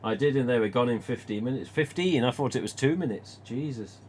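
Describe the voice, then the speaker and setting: A man's voice: medium pitch, brisk, darkish tone, a little hiss or hum. Chatty man hosting a stream. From England. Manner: rambling and anecdotal, with mild swearing. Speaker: live stream host. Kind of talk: casual live stream chat.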